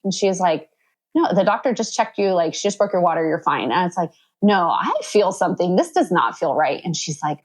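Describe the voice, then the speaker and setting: Chatty woman retelling a story with lively quotes. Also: normal speed, poor audio. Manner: acts out quoted dialogue with sudden high pitch jumps; chatty, many "like" fillers. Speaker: podcast guest telling her birth story. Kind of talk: casual storytelling.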